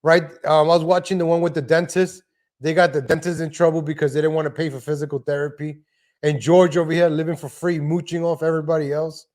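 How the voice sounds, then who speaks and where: Man, livestream host, casual rant, rambling, slightly high voice, home desk mic. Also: flat delivery, fast, darkish tone. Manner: rambling, frequent restarts and asides. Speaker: live stream host. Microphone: home desk microphone.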